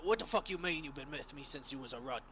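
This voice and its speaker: A man's voice: medium pitch, lively intonation, fast talker, a bit bright, lo-fi sound, a little hiss or hum, close to an everyday voice. A man voicing a brash, foul-mouthed goblin who turns defensive and accusatory in a tabletop game. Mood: agitated. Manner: crude, confrontational.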